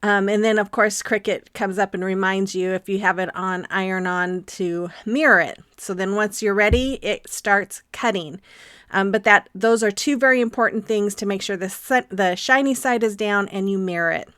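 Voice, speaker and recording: A woman's voice: medium pitch, steady tone, normal speed, a bit bright, smooth, dry recording, studio quality. A woman hosting a craft tutorial, talking casually with frequent ums as she explains each step. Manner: chatty, friendly, frequent ums. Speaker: craft channel host.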